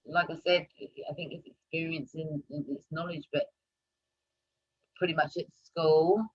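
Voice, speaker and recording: A woman hosting a live talk stream, talking casually and turning loud and animated when she presses a point. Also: sits low, breathy edge, dull audio. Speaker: host of a live talk show.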